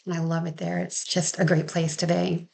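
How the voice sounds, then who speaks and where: Chatty woman with a gravelly voice. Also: lowish voice, little pitch movement, moderate pace, a little mellow. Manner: chatty, laughs often, acts out quotes. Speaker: dog trainer. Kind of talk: casual storytelling. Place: Maine.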